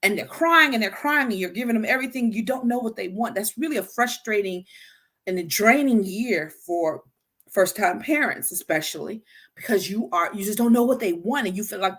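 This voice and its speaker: A woman hosting a casual talk on healthy communication, speaking straight to her listeners, animated and stumbling into frequent restarts and repeated words. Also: mid-range voice, brisk. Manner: addresses listeners directly. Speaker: podcast host.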